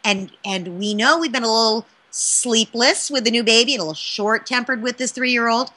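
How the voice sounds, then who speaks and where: A woman speaking as a parenting expert in an interview, animated and often checking in with "right?". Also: on the high side, normal speed. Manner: animated, keeps asking "right?". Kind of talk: interview answer, advice.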